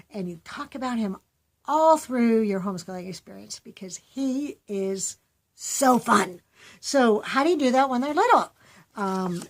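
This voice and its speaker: A woman, a homeschooling mother, giving chatty, animated teaching tips in a casual vlog. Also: medium pitch, husky. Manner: chatty, animated, acts out voices.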